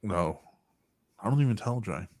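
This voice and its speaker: A man hosting a casual podcast, telling stories in an animated, profane way and acting out quotes. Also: on the low side, moderate pace, no room sound. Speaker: podcast host.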